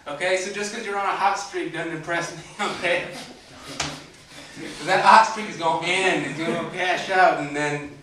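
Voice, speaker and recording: A man's voice: sits high, fairly even intonation, moderate pace, bright, forceful tone, distant mic, a little hiss or hum. A young man with a light Southern twang doing open-mic stand-up, brash and rambling with lots of fillers. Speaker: stand-up comedian. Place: comedy club stage. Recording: echoey club heard from afar.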